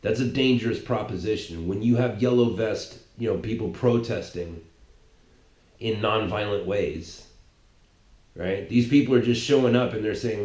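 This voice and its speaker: A man's voice: lowish voice, moderate pace, darkish tone, echoey room. A man giving a heated political monologue, rambling and restarting his sentences as he goes. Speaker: political commentator. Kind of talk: ranting monologue.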